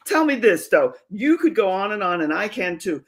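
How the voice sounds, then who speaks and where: A man's voice: high-pitched, sing-song, moderate pace. A male host of a livestream interview, effusive and enthusiastic, often repeating affirmations.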